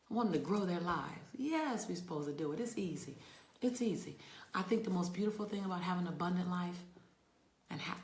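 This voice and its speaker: A woman talking to viewers on a casual livestream from a rental room, emphatic and warm, sometimes dropping to soft near-whispers. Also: fairly low pitch, reverberant. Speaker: motivational speaker hosting a livestream.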